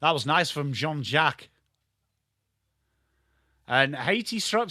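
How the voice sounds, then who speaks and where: A man with a strong Yorkshire accent giving live football watchalong commentary, excitable and sweary, chatting to viewers by name. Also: on the high side, unhurried, pauses often, no echo, clean studio sound. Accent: Yorkshire English. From Yorkshire, England. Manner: excitable, sweary banter addressed to chat viewers. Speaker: watchalong streamer.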